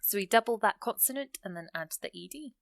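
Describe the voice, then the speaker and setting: A woman teaching English grammar, explaining rules patiently and reading example sentences slowly with stressed key words. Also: medium pitch, lively intonation, gravelly, dry recording, studio quality.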